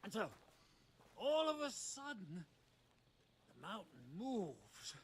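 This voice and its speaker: Boisterous bawdy storyteller. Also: male voice, high voice, sing-song, slow pace, slight background noise, full character voice. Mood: rowdy. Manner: boisterous, laughing, crude. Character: rowdy man, bawdy tavern storyteller. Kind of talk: video game dialogue.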